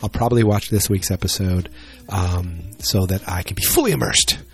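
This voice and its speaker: Male vlogger, lowish voice, loose rambling delivery with self-mocking jokes. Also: moderate pace, breathy edge, soft background music. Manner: rambling, joking, self-deprecating. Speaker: solo wrestling vlogger. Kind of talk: casual rambling chat.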